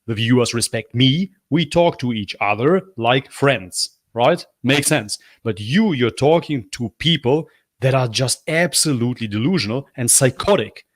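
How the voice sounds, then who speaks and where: A man's voice: expressive, moderate pace, dry recording. Snarky streamer guy reacting to a vid, blunt n mocking, dry close sound. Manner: mocks with high, whiny put-on apologies. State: losing his voice. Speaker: livestream host reacting to a video. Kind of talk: live reaction commentary.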